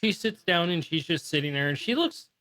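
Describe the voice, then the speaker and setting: A woman narrating as game master of a tabletop game, in an unhurried, casual way. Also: on the low side, expressive, fairly bright tone.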